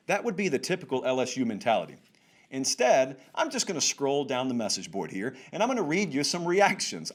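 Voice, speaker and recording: A man hosting a sports talk show, wry and sarcastic, with emphatic rising lines. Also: mid-range voice. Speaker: show host. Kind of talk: animated sports talk commentary.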